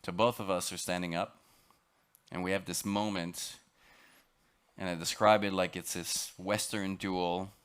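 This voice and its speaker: A man with a French accent giving a dramatic, emphatic storytelling lecture aboard a ship, sometimes halting and repeating words. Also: deep voice, level tone, fairly bright tone, clear, resonant tone. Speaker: expedition lecturer.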